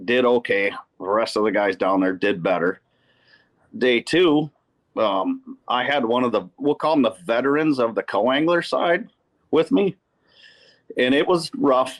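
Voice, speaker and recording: A man from Wisconsin, a podcast guest telling casual fishing stories in an animated way. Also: on the low side. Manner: animated anecdote teller who acts out quotes. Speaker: podcast guest, pro angler. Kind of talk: casual storytelling.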